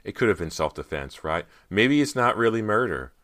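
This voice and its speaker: A man with a very deep voice reading the lines of a loyal, anxious teenage boyfriend who speaks earnestly and urgently. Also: steady tone, moderate pace, a bit bright.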